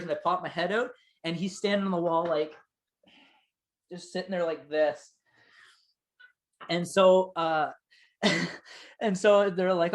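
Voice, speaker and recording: A young man telling a story in casual chat on a podcast, swearing freely and quoting people in lively voices. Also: a little high, a little slow.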